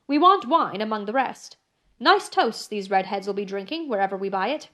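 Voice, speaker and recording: A woman reading the part of a brisk, stubborn, fiercely loyal English maid, speaking emphatically in an audiobook. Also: mid-range voice, lively intonation, fairly bright tone, lightly acted. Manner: emphatic, brusque.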